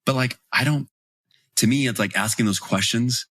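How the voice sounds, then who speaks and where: A man in his forties telling lively stories as a podcast guest, acting out the people he quotes. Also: medium pitch, moderate pace, slightly rough, dry recording, clean studio sound. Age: 40s. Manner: animated storyteller, acts out quoted voices. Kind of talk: storytelling in podcast interview.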